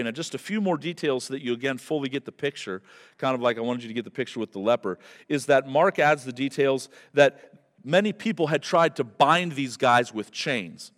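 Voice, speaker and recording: Animated preacher man in a reverberant hall. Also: medium pitch, fairly quick. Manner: animated storyteller, builds to loud emphatic peaks. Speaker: pastor. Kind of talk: expository sermon.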